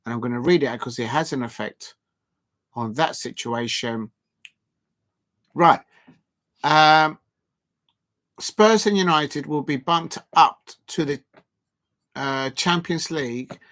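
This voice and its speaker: A man's voice: medium pitch, a bit bright. Rambling, emphatic male football streamer. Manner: rambling and emphatic, with many restarts. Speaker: live stream host. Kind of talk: casual football chat on a live stream.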